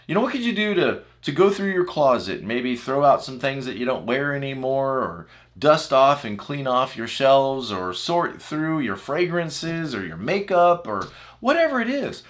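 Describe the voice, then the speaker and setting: A man's voice: mid-range voice, fairly bright tone. A man coaching his viewers in an earnest, encouraging talk, repeating phrases for emphasis. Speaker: enneagram coach. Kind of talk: motivational talk to camera.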